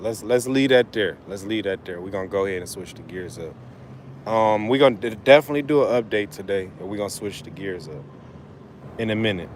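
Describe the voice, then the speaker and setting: A man's voice: fairly low pitch, slight background noise. Cussing, rambling male livestream host. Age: adult father of school-age kids. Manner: loose, profane, rambling and emphatic. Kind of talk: casual livestream chat.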